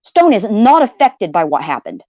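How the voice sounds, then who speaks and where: A woman's voice: medium pitch, sing-song, moderate pace, darkish tone, dry recording, highs cut off. A woman hosting a livestream tells a personal story in a heated, blunt way, swearing freely and repeating phrases to drive her point home. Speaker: livestream host. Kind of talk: venting personal story to viewers.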